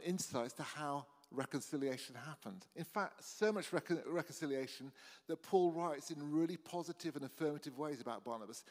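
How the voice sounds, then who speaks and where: Guy giving a sermon in a big echoey church hall, chatty and earnest, keeps restarting. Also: on the high side. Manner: conversational, earnest, with frequent restarts and "you know". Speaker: pastor.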